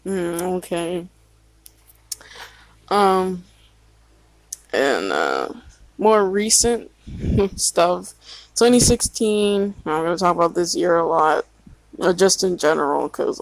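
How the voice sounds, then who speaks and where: A woman's voice: fairly low pitch, no echo, poor audio. A woman telling a story in a casual vlog. She rambles, swears often and trails off mid-thought. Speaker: vlogger.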